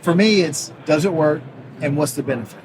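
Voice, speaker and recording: A man's voice: a little high, a little fast. An earnest middle-aged man with a slightly raised voice explains his views through everyday analogies. He speaks at a convention, with a noisy floor around him. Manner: earnest, uses homespun analogies. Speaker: orthodontist guest. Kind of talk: conversational interview answers. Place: busy exhibit hall floor.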